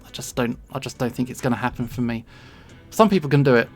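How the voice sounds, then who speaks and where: A streamer from England with a London accent, chatting casually and rambling while drawing, self-deprecating and quick to laugh. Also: medium pitch, lively intonation, soft background music. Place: home streaming setup.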